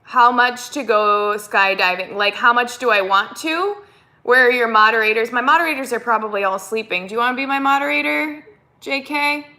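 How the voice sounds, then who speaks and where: A woman's voice: fairly high pitch, normal speed, pushed and bright. A woman with a Minnesotan accent, hosting a casual live stream and answering viewer comments in a chatty way. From United States. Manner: chatty, reads comments aloud and answers them.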